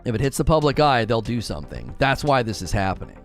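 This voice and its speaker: A man's voice: medium pitch, big pitch swings, fast talker, faint music behind. A young man hosting a gaming talk show, ranting emphatically and repeating himself. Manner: heated, emphatic, repeats phrases. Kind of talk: live stream talk show rant.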